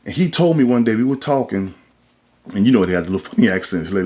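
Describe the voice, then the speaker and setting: A man's voice: on the low side, expressive, fast talker, mellow. A man hosting a podcast, talking in a casual but sermon-like way, emphatic and colloquial. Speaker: podcast host. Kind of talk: casual preachy monologue.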